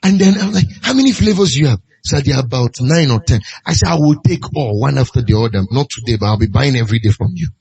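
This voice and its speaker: A man's voice: medium pitch, expressive, fast talker, creaky, few pauses, darkish tone, breathy edge. A man preaching a sermon, pressing his point with repeated rhetorical questions. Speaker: pastor.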